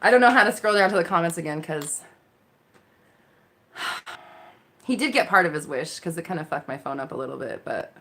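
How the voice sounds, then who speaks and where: A woman's voice: on the low side, normal speed, pauses often, fairly bright tone, slight background noise. A woman hosting a live Q&A as a mindset coach, chatting casually into her phone, reacting to viewer comments with frequent laughter and casual swearing. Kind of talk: casual live-stream chat.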